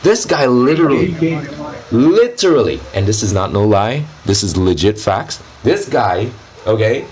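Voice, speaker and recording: A man's voice: fairly low pitch, slight background noise. A young man, a gaming YouTuber, telling a story in a casual, boastful, slangy way during an interview.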